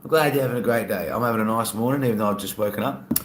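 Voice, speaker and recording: A man's voice: lowish voice, very fast, reverberant, slight background noise. A man with an Australian accent, chatting casually on a live stream and reading out viewer comments. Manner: relaxed, chatty, laughs often.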